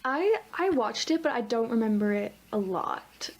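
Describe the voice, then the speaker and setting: A woman's voice: a little high, lively intonation, moderate pace. A young woman co-hosting a podcast in easygoing, rambling casual chat. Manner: easygoing, laughs often, rambling. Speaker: podcast co-host.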